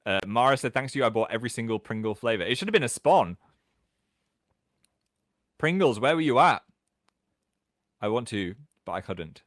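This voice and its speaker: A British man in his thirties hosting a casual livestream from home, chatting and reading out viewer comments in an animated way. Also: dry recording, studio quality. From England. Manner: chatty, animated, quick jumps in pitch. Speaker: livestream host.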